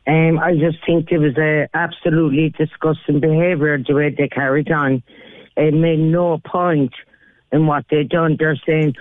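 A woman's voice: deep voice, steady tone, moderate pace, no room sound. An Irish woman calling into a radio show, talking indignantly in a casual way, with lots of "like"s. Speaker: caller. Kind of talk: phone-in call. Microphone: telephone. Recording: tinny phone line.

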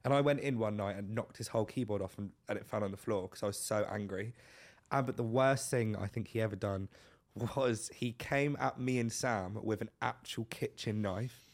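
A young man on a podcast, earnestly recounting a bad flatmate story. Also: fairly low pitch, moderate pace. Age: young adult. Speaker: podcast co-host. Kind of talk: casual chat, storytelling.

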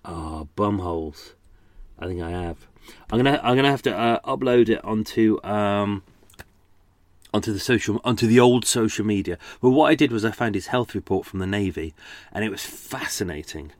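A man's voice: lowish voice, normal speed, dry recording. A man, hosting a casual podcast chat, rambling with lots of asides while reading out old letters. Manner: rambling and chatty, with many fillers and asides. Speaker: podcast host.

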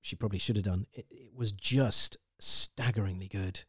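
A man's voice: lowish voice, steady tone, moderate pace, fairly bright tone, breathy edge, no echo, clean studio sound. A man hosting a podcast, chatting with guests and introducing clips in an enthusiastic, effusive way. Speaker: podcast host. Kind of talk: casual chat and spoken links between clips.

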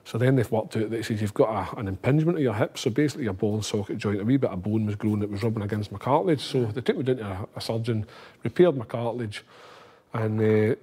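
Fast-talking husky Scottish man. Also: on the low side. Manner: animated, acts out quoted voices. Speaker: former footballer, podcast guest. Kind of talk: casual storytelling.

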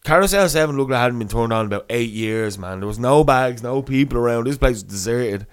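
A man's voice: medium pitch, lively intonation, quick pace, clean tone. A man with an Irish accent in casual chat, telling a story full of swearing and acted-out quotes.

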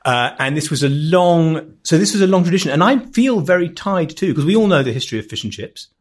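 A man's voice: fairly high pitch, animated, a little fast. A man chatting as a podcast guest, a wry, jokey storyteller who keeps interrupting and restarting himself. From England. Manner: rambling, self-interrupting storyteller with frequent restarts. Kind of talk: casual chat.

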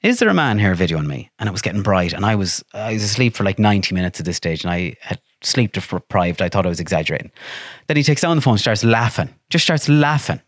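An Irish man with a low voice tells stories on a podcast. He acts out other people's lines and swears casually. The sound is dry and close. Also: fast, no room sound. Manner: animated, swears freely, acts out quotes. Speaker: podcast guest. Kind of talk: casual chat, storytelling.

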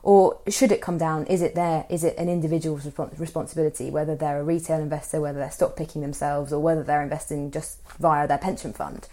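A woman's voice: low-pitched, steady tone, quick pace, hardly any pauses, dark tone. A woman interviewing a guest, building her questions thoughtfully with fillers.

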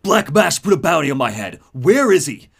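A man's voice: on the high side, sing-song, brisk, gravelly, a bit bright, slightly rough, exaggerated voice. A man voicing a grim, blunt male vigilante who barks short demands. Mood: demanding. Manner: barked demands.

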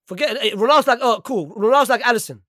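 A man's voice: very high-pitched, racing, bright, forceful tone, no echo, clean studio sound. A man in a heated casual podcast debate, insistent and argumentative, repeating his points. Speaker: podcast panelist, Real Madrid fan.

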